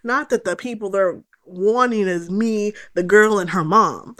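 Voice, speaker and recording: Animated, profane young woman telling a story. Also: medium pitch, measured pace. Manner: animated, profane, quotes people in raised voice. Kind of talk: casual storytelling.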